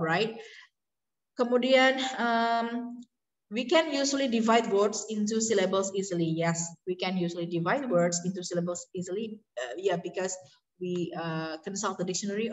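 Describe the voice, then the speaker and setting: A woman with an Indonesian accent giving a university lecture, mixing English with Indonesian and pausing often on fillers. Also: mid-range voice. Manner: switches between English and Indonesian, many fillers. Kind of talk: online lecture. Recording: distant mic with long reverb.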